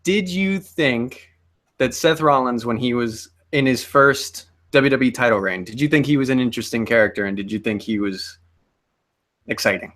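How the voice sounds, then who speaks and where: A man's voice: medium pitch, normal speed, a bit bright. A man co-hosting a casual chat, pushing back on points and asking pointed questions. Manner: argumentative, asks pointed questions. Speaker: podcast co-host.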